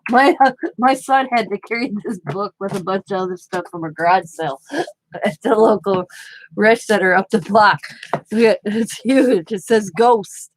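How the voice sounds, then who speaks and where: A woman's voice: mid-range voice, measured pace, low-quality recording. Chatty laughing woman telling a story. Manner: chatty, laughs often between phrases; retells conversations with quoted back-and-forth. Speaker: craft vlogger. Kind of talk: casual storytelling chat.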